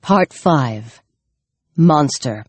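A woman narrating an audiobook, expressive, her voice rising in the tense action scenes. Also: deep voice, very slow, breathy edge, no room sound. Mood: calm. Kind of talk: scripted narration.

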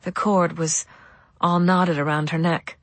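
Tired grieving mom, breathy and lowish, hushed gentle talk. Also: female voice, flat delivery, measured pace, no room sound. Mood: sorrowful. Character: young mother, weary, tender and grieving. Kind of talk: audiobook dialogue.

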